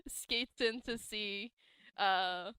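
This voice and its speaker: A woman narrating a tabletop game as game master, relaxed and amused. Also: medium pitch, drawn-out words, clean tone, no room sound.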